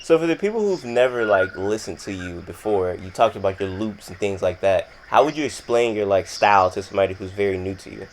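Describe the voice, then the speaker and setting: A man's voice: on the low side, lively intonation, fairly quick, few pauses, a little hiss or hum. Laid-back young man interviewer. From Florida. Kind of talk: casual chat.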